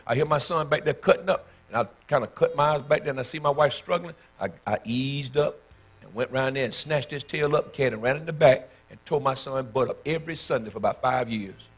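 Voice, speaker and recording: A pastor in his fifties preaching a sermon, telling stories with bursts of shouting before moving into a fervent prayer. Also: on the high side, breathy edge. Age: 50s.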